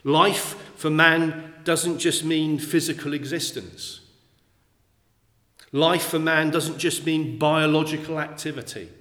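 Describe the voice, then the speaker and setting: Slow, deliberate preacher in echoey hall. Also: male voice, on the high side, fairly even intonation, fairly bright tone. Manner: slow, deliberate, repeats key phrases for emphasis. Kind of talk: sermon. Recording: echoey hall with long reverb.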